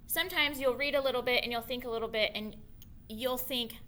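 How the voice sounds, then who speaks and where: Bright-voiced woman teaching young readers. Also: on the high side, a little hiss or hum. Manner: expressive and patient, repeating key points slowly. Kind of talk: modeling a reading lesson for young children. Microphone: her own camera.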